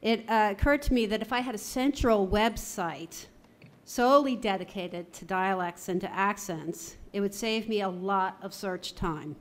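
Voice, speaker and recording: A middle-aged woman speaks at a university conference as a theatre voice coach. Her delivery is measured and articulate, often working through lists. Her pitch sits in an ordinary middle range. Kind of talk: conference talk.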